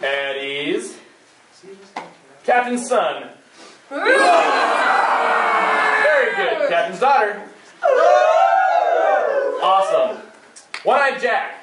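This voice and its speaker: A man explaining and leading a group game with playful, energetic commands in a large indoor hall. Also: sits high, extremely slow, pauses often, noisy background. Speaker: youth game leader. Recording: echoey hall, mic at a distance.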